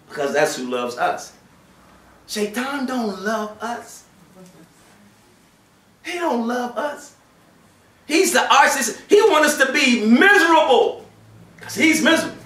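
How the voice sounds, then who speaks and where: A man giving a Friday sermon, switching between shouted acted-out voices and hushed, quiet passages. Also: very high voice. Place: mosque prayer hall. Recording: echoey room from a distance.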